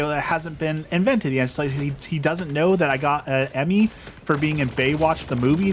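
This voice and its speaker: Rambling young man chatting while gaming. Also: on the high side. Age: young adult. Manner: rambling, self-deprecating, frequent restarts. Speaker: streamer. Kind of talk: casual gameplay chat.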